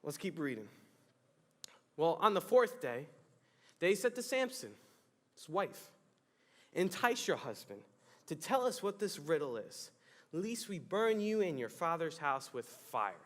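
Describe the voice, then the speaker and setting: A man's voice: on the high side, very animated, unhurried, long pauses, fairly bright tone, long reverb tail. A young adult man giving a youth sermon, telling the story with jokes and acted-out exclamations. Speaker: youth pastor. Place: church youth hall.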